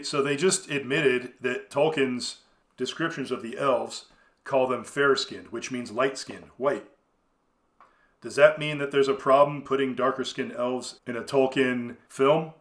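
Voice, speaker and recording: A man hosts his own solo commentary podcast in a middling, slightly bright voice. He rambles conversationally, frequently restarting sentences and filling gaps with "uh" and "you know."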